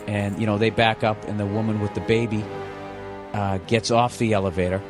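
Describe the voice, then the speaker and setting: A man's voice: fairly low pitch, little pitch movement, a little fast. A man streaming a game, telling rambling, profane stories in a casual way and laughing at himself. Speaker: gaming streamer. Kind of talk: casual storytelling while gaming. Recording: game music behind voice. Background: game music.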